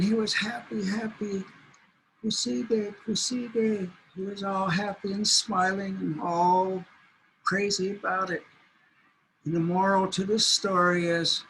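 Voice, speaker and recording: Slow-telling man with a bright voice. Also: sits high, steady tone, a little hiss or hum, rough recording. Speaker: storyteller. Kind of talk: oral storytelling.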